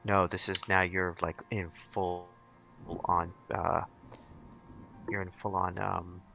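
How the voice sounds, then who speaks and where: A man running a tabletop horror game, explaining things to players in a relaxed, casual way. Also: low-pitched, takes it slowly, gravelly, highs cut off, soft background music. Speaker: game master.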